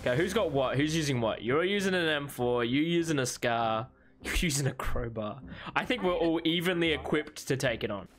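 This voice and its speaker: A man casually chatting with friends while playing a co-op zombie game, excitable and jokey, yelping when things go wrong. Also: brisk. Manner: excitable, yelps high when in danger; laughs often, jokey. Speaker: gamer streaming co-op with friends. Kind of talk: casual gaming chat.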